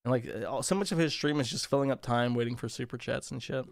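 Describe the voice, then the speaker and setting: A man in an easygoing podcast chat, his voice in the middle of the usual pitch range. He tells stories in a profane, sardonic way. The audio is dry and close, with no room sound. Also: fast, gravelly, no echo. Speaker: interview guest. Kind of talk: casual podcast conversation.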